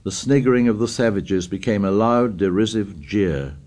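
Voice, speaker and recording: A man with a fairly low voice narrates a novel aloud in a steady, measured way. His reading sounds composed and scripted. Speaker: audiobook narrator.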